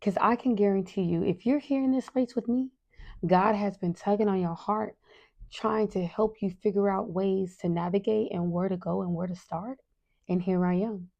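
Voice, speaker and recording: A middle-aged woman talks straight to her listeners in a casual, heartfelt podcast monologue. Her voice is mellow and warm, and she keeps checking in with "right?" and "you guys", sometimes sinking to a soft whisper to stress a point. The recording is a little dull and lo-fi. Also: mid-range voice, steady tone, moderate pace, creaky. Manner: chatty and earnest, often asks "right?" and addresses listeners as "you guys". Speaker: parenting podcast host.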